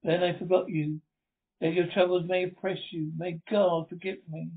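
A man's voice: sits high, flat delivery, moderate pace. A man voicing an earnest, devoted young suitor in impassioned speech, on a tinny lo-fi recording. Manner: impassioned, declaiming.

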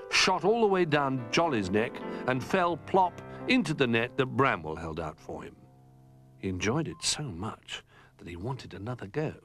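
Animated male storybook reader. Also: fairly low pitch. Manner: expressive, animated. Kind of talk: children's storybook reading.

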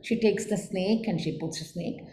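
A woman's voice: mid-range voice, normal speed, dark tone, a little hiss or hum. A woman, explaining dance interpretation to students and asking them questions. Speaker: dance teacher. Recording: echoey room with faint ambience.

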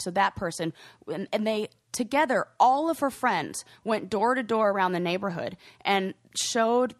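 A woman's voice: mid-range voice, normal speed. A young woman co-hosting a podcast, telling a story in a gushing, emotional way. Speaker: podcast co-host. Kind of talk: casual chat.

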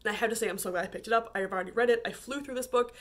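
Talking very fast in a fairly high voice, this Canadian book vlogger casually goes over her book purchases, her speech packed with fillers and frequent laughs.

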